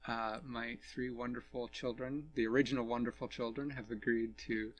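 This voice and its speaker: A man's voice: mid-range voice, flat delivery, moderate pace, slight background noise. A man hosting a family podcast, talking casually and a little hesitantly with his children. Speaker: podcast host and parent.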